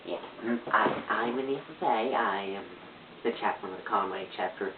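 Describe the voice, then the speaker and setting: A woman chatters to a webcam propped on a glass in her messy bedroom, jumping from one random thought to the next and cursing freely. The sound is thin and phone-like, with a steady hiss and an echoey room around her. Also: a bass voice, normal speed. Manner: distracted, random, swears a lot. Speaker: first-time vlogger. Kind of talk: rambling casual webcam talk. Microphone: camera propped on a glass on a fan. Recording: tinny, noisy, echoey home webcam.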